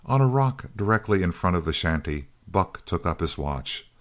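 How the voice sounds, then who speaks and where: A male audiobook narrator reads a Western in a steady, measured way. His voice is deep and low. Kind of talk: scripted narration of a Western novel.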